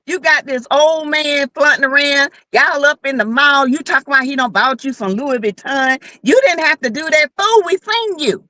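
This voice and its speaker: A woman co-hosting a gossip talk, scolding and sassy in her commentary. Her voice is high and bright and swings widely in pitch. The sound is dry and close. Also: moderate pace, few pauses, no echo. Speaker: co-host. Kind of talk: casual gossip chat.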